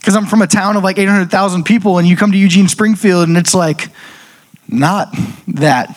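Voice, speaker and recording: A man casually telling a personal faith story, chatty and full of "like" fillers, with animated quoted asides. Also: sits high, normal speed. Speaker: speaker sharing a personal testimony.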